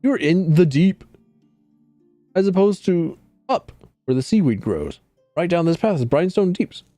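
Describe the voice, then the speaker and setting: An excitable young fish-man gushes in bright, eager bursts, his voice pitched well up and swinging through a lively range, as a man puts him on while reading game dialogue aloud. He sounds friendly and a little boastful, quick to exclaim, with a soft hum of background music. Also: dry recording. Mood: storytelling.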